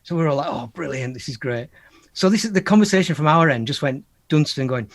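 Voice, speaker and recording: A man's voice: on the high side, fast talker. Male guest, storyteller energy, voices the quotes, laughs through it. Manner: animated storyteller, acts out quotes, laughs often. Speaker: guest musician. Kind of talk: anecdotal interview talk.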